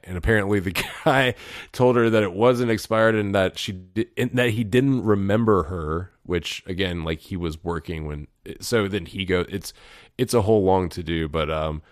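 Deep-voiced man, rambling casual chat. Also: moderate pace, no echo, clean studio sound. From Louisville, Kentucky. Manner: rambling, swears freely, laughs often. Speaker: podcast host.

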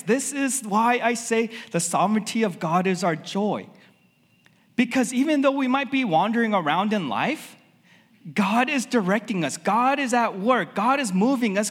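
A man's voice: sits high, big-room sound. A man preaching a sermon as a pastor, talking in a loose, conversational way with lots of filler words.

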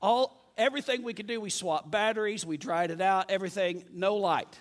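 A man preaching a sermon, telling a story in a lively, self-mocking way. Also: high voice, a little fast, in a large hall.

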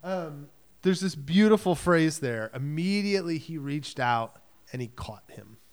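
A man preaching a sermon in a conversational, animated way, acting out the story in quick quoted voices. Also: fairly high pitch, smooth. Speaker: pastor.

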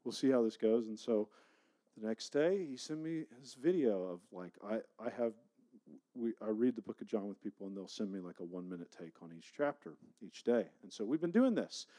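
A man, a pastor, telling a personal story in a conversational, animated sermon style. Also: fairly low pitch, brisk. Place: church.

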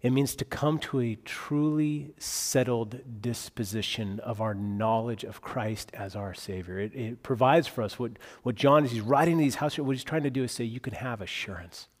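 A male pastor delivering a sermon in an expressive preaching manner, speeding up for retold dialogue and going quiet for emphasis. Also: mid-range voice, normal speed, few pauses, big-room sound.

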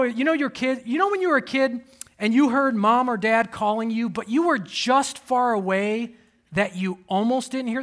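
A man in his thirties preaching a sermon, telling personal stories with animated swings and sudden soft asides. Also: sits high. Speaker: pastor.

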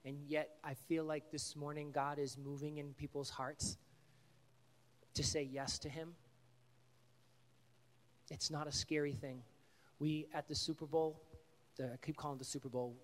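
A male pastor with a slightly high voice, speaking earnestly and conversationally. He tells stories and leads prayer in a church sanctuary. His words trail into a long hall reverb. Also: little pitch movement, normal speed. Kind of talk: sermon with altar call.

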